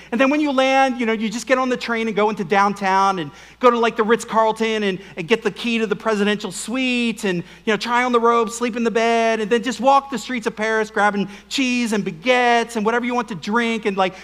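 A middle-aged man preaching a sermon with jokes and questions to the congregation. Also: extremely high pitch. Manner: animated, joking, asks the crowd questions. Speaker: pastor. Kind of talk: humorous sermon.

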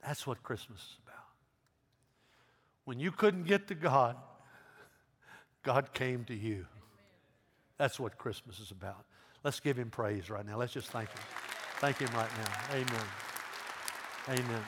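A middle-aged man, a pastor giving an earnest altar call, swinging between loud emphasis and hushed pleading. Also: mid-range voice, animated, unhurried, pauses often, husky, a faint crowd. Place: large church sanctuary. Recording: long hall reverb.

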